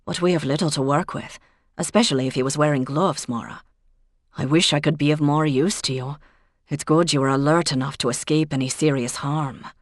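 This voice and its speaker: A woman voicing a calm, patient male village policeman who speaks in a measured, apologetic way. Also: sits low, dry recording, studio quality.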